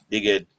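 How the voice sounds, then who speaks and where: A man's voice: mid-range voice, fairly bright tone, smooth, dry recording. An Australian man hosting a live stream, rambling and swearing in a laid-back way while stoned. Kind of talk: casual live stream chat.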